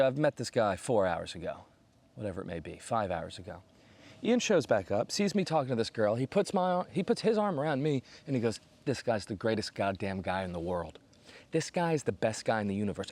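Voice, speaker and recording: A man from the United States, in his thirties, spins a rambling comic anecdote in a fairly low voice. He keeps breaking into animated impressions of the people in his story, and his pitch leaps high when he quotes them. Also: brisk. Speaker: comedian host. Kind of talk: storytelling stand-up monologue.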